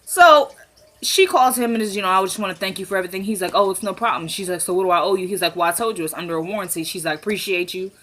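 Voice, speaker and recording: A woman chatting casually as she recaps a TV episode, retelling scenes with quick voiced quotes. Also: mid-range voice, a bit bright. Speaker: TV recap vlogger.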